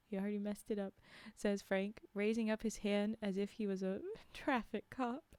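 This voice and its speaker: A woman reads a story aloud on a livestream and chats with her listeners in between. Her voice is mellow and smooth. The sound is close and dry. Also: mid-range voice, moderate pace, few pauses, dry recording. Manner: relaxed, chatty, with asides.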